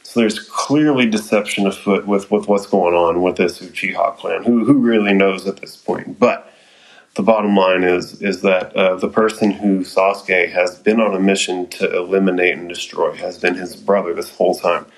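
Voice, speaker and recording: A man casually recapping and commenting on an anime episode, swearing now and then and trailing off with fillers and excited asides. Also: sits low, normal speed, poor audio.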